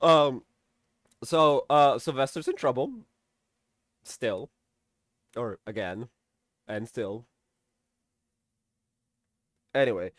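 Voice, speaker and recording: Extremely slow and pausing often, this young TV episode reviewer rambles through a recap in a mid-range voice, cursing freely and sarcastically mimicking characters' lines. It's studio quality with no room sound.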